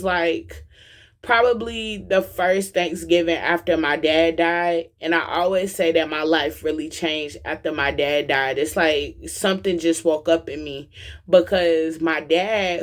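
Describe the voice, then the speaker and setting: A young woman from the American South giving an impassioned, slangy personal testimony as a vlogger, preaching directly to her viewers. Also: on the low side. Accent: Southern US, Atlanta.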